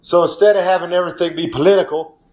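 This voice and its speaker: A man delivers a loose, bragging comedic monologue and keeps referring to himself in the third person. His voice sits a little high and has a lazy drawl. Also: steady tone, fast talker, darkish tone. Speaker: pro wrestler in segment.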